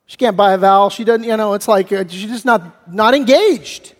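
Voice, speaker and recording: Male pastor, high voice, animated and casual in the pulpit; long hall reverb. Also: normal speed. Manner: animated storyteller, chatty, many fillers. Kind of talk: sermon. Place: church sanctuary. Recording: long echo in a church hall.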